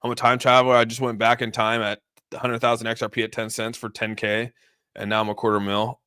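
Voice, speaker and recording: A fast-talking man with a medium-pitched, flat delivery walks through crypto charts on a casual livestream. His voice is pushed, bright, and smooth in studio-quality audio without echo, and he chats loosely, restarts a lot, and reads viewer donor messages.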